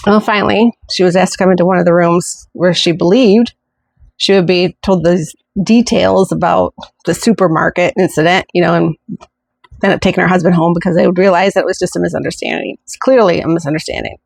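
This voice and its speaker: A woman's voice: lowish voice, a little fast, creaky, dry recording. A woman hosting a podcast, telling a true-crime story in a chatty way with indignant asides. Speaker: podcast host.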